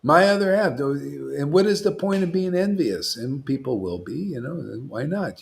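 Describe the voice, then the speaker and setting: A man's voice: fairly high pitch, lively intonation, moderate pace, gravelly, few pauses, a little hiss or hum. Rambling, emphatic male preacher. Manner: rambling, emphatic, acts out imagined listeners. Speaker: spiritual teacher. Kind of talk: informal devotional sermon.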